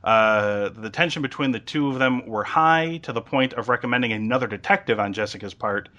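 A man's voice: mid-range voice, brisk, sharp tone, muffled recording. A man casually recapping a TV episode as a podcast host, chatty with lots of ums and uhs.

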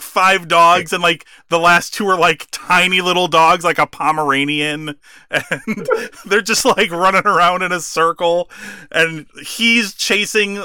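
A man co-hosting a wrestling podcast, chatting casually, laughing often and acting out quotes with animated bursts. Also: fairly high pitch, smooth, no room sound, clean studio sound. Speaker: podcast co-host.

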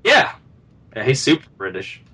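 A man's voice: medium pitch, huge pitch swings, moderate pace, pushed and bright, slightly rough, rough recording. A man co-hosting a casual podcast, reviewing a movie in a rambling way full of fillers and asides. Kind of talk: casual chat.

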